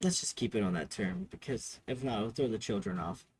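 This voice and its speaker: A man's voice: lowish voice, animated, fairly quick, darkish tone, slight background noise, voice pushed down, close to an everyday voice. Tabletop game: male GM doing a tall half-elf teacher woman, patient, mild. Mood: gentle. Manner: mild, sighing.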